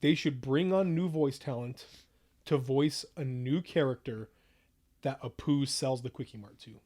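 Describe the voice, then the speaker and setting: A man co-hosting a casual podcast, who weighs both sides in a measured way before disagreeing. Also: mid-range voice, dark tone. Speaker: podcast co-host.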